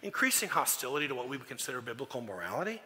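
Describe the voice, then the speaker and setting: A man's voice: mid-range voice, big pitch swings, very fast, bright, forceful tone. A man preaching a sermon as pastor, folksy and joking as he tells stories. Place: church sanctuary. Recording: echoey church hall.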